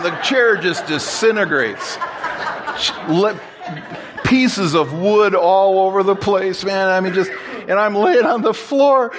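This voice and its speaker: Animated storytelling pastor, man. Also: high voice, measured pace, a crowd in the background. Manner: animated, jokey storyteller who repeats and restarts phrases. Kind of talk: sermon with personal storytelling.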